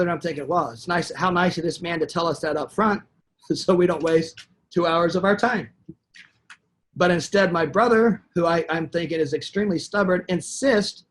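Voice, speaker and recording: A man with a slightly raised speaking pitch tells a long sales story on a webinar. He talks in an animated, anecdotal way and acts out the quoted dialogue as he goes. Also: fairly quick. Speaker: sales trainer.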